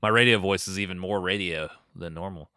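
A man with a cold and a sore throat chats loosely as a podcast co-host, joking and laughing between lines. His voice sits low but cuts through brightly and forcefully. The sound is dry and close, with no room around it. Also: fairly quick, clean tone, dry recording. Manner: joking, laughs often, sings off-key bits for fun. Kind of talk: casual chat.

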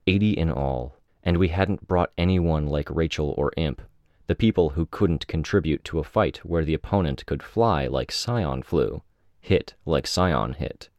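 Very deep-voiced man reading an audiobook. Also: moderate pace, darkish tone, dry recording. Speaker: audiobook reader. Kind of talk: first-person audiobook narration.

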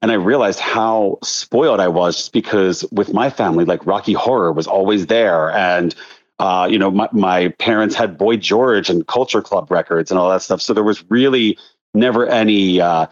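This casual interview features a choreographer in his thirties, originally from Delaware County near Philadelphia, who tells stories with plenty of energy and many false starts. He speaks at a normal speed in a low voice, captured on a dull lo-fi recording.

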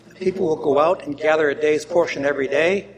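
A man preaching a sermon and reading scripture aloud, who swings between loud emphatic reading and quiet asides. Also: a little high, fairly even intonation, fast, a little hiss or hum. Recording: long hall reverb.

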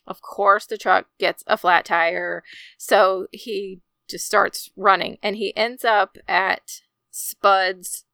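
A woman co-hosting a casual podcast, calmly narrating a movie's plot. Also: medium pitch, slow pace, vocal fry, dry recording. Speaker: podcast co-host. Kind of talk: casual movie recap chat.

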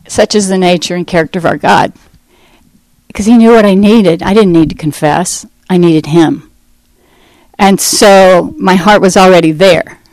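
A woman recounts her personal faith testimony in an open, emotional storytelling manner. Her voice sits at a middle pitch, and the recording is dry and close, with no room echo. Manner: candid, emotional storytelling with frequent laughs. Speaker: testimony speaker.

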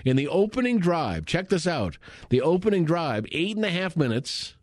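A man's voice: fairly high pitch, sing-song, normal speed, no room sound, clean studio sound. A man hosting live sports radio, chatty and enthusiastic, with many fillers. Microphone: studio microphone.

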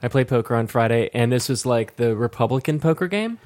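A man's voice: mid-range voice, animated, brisk, darkish tone. Man telling rambling stories, profanity-laced. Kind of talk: casual chat.

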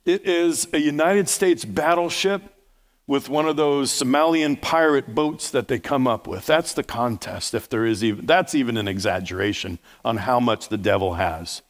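Male pastor, 50s, mid-range voice, jokey conversational sermon with loud emphatic swells, heavy reverb of a big church hall. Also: mid-range voice, normal speed. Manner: conversational preaching with teasing humor and surging emphasis.

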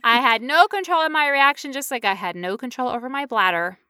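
A woman co-hosting a podcast, telling a story in casual chat with animated, playful quoted voices. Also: high voice, fairly quick, clean tone, no echo, clean studio sound. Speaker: podcast co-host.

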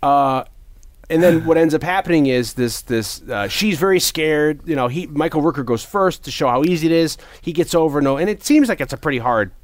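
Guy chatting about a movie, acts out the lines loud, dry close mic. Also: on the high side, a little fast, hardly any pauses, no echo. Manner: animated retelling, shouts out quoted lines. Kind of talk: casual movie discussion.

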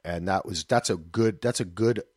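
A man in his thirties hosting a podcast, chatting casually and loosely, with animated asides. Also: low-pitched, normal speed, husky, dry recording, clean studio sound. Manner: loose, rambling, breaks into animated voices for anecdotes. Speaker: podcast host.

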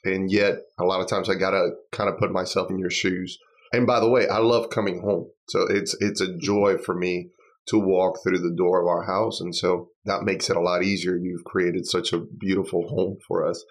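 A man's voice: deep voice, level tone, normal speed. A man who sings in worship, a podcast guest speaking in an earnest, heartfelt, rambling way. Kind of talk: casual chat.

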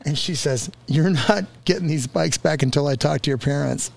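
Animated man telling a childhood story. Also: a little high, moderate pace, creaky. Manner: animated, laughing through his story, acts out quotes. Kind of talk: casual storytelling.

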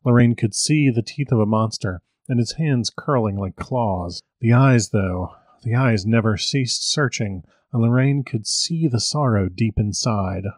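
A man who hosts a podcast, reading a story aloud in an even, measured way. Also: mid-range voice, dry recording.

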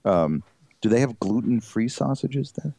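A man co-hosting a radio talk show, wry and full of quick quips, often stumbling and restarting mid-sentence. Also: mid-range voice, lively intonation, warm tone, no room sound. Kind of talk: casual banter.

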